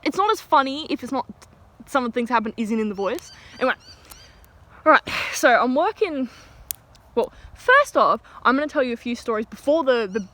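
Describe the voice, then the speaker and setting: A woman's voice: fairly high pitch, fairly bright tone. A young woman telling a casual, rambling workplace story with many fillers. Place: outdoors. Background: birds, outdoor ambience.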